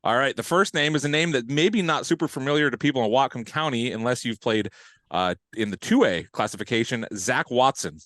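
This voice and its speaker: A man hosting a sports podcast, telling stories in a lively, casual way with bits of slang. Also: mid-range voice, fairly quick, dry recording. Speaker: podcast host.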